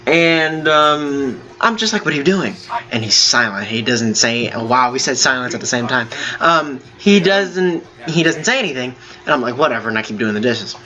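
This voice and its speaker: A man hosting a gaming video, telling a long story in a halting, rambling way with many fillers while he plays. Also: mid-range voice, lively intonation, pushed and bright, muffled recording. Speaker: gaming channel host. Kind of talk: telling a story over gameplay.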